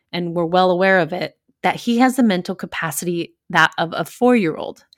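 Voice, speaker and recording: Low-voiced woman telling a crime scene story. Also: dry recording, clean studio sound. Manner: candid, laughs through the gross parts. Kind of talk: casual storytelling.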